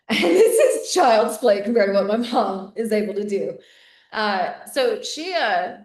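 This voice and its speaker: Candid woman telling a story in a roomy space. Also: medium pitch. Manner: candid, talks to viewers directly, many fillers. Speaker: vlogger. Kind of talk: casual personal storytelling. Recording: roomy echo.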